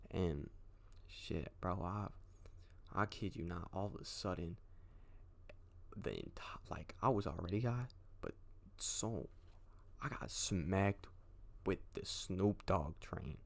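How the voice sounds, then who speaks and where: Deep gravelly young man telling a story. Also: slow, long pauses. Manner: slangy, profane, rambling. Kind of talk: casual storytime.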